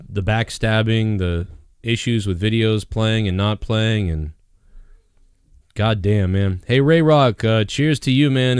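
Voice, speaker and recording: A man hosts a live stream in loose, rambling chat, with a smooth, resonant voice pitched a little low. He laughs often and says things twice, and the sound is dry and close. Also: no room sound. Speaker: host of a live call-in show.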